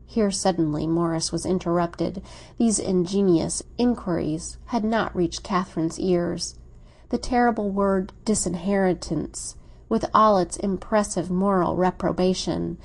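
A woman's voice: fairly low pitch, darkish tone. Woman narrating a classic novel. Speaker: audiobook reader.

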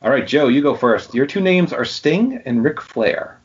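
A man's voice: mid-range voice, normal speed, a little hiss or hum. A man hosting a casual wrestling trivia quiz on a podcast, reading out the names and the answers. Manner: lively, reads out questions and answers. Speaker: quiz host. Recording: dull lo-fi sound.

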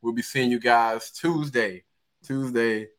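A relaxed man hosting a podcast, with a voice set squarely in the middle of the male range. He talks in easy, loose sentences and laughs often with his co-hosts. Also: medium pitch, over a noisy crowd. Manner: laid-back, laughs often, drawn-out sign-off. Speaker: podcast host. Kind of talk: casual podcast chat.

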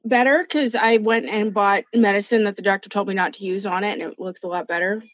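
A woman's voice: mid-range voice, steady tone, brisk, no room sound. A woman hosting a true crime podcast, chatting casually in a blunt, profane way. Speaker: podcast host telling a true crime case.

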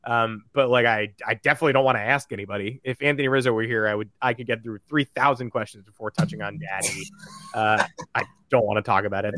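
A man co-hosting a sports podcast, telling stories with animation and acting out other people's lines. His voice sits at an average pitch, and the recording is close and dry with no room sound. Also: fast talker, dry recording. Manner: animated storyteller who acts out quotes. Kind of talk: casual chat.

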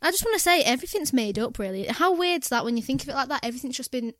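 Fast-talking high-voiced woman. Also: no room sound, clean studio sound. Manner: chatty, animated, swears casually. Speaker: podcast co-host. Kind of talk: casual podcast chat.

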